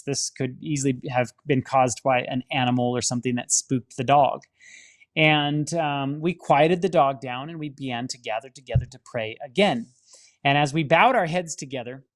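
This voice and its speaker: A man, a film studio director, telling his personal faith testimony in an earnest storytelling manner, often restarting his sentences. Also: on the high side. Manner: earnest storytelling with many restarts and dramatic acted-out quotes.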